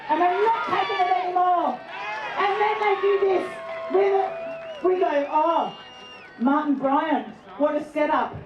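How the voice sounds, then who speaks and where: A woman giving an impassioned, preaching rally speech, often shouting her lines. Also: extremely high pitch, measured pace, over music, a crowd in the background. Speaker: rally speaker. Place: outdoor rally over loudspeakers. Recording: echoey distant lo-fi rally sound.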